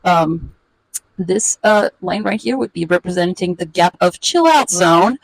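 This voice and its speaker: A woman's voice: on the low side, animated, unhurried, vocal fry, no room sound, poor audio. A woman in her forties telling a comedic illustrated story in a wry, sarcastic, roasting way. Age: 40s.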